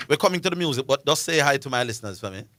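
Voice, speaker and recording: A man's voice: medium pitch, lively intonation, very fast, fairly bright tone. A man with a Jamaican accent hosting a live sports call-in radio show, chatting in a loose, bantering way. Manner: bantering, informal, loose phrasing. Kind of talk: casual live radio chat.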